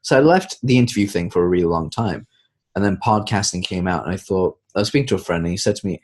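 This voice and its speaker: A man with a British accent that has a hard American edge, a podcast guest telling lively stories and quoting people in animated voices. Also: low-pitched, quick pace. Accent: British with American touches. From Tanzania, raised in the UK. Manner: animated storyteller, quotes others in lively voices. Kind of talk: casual interview chat.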